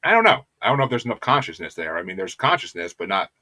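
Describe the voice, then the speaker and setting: A man's voice: medium pitch, big pitch swings, fast talker, pushed and bright. A man hosting an interview, chatting casually and eagerly agreeing, while hedging his own opinions. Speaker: podcast host.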